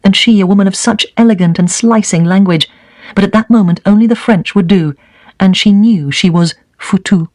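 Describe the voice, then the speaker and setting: A man reading a first-person memoir aloud at a steady, even pace. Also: high-pitched, normal speed, no echo. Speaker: reader of a set text.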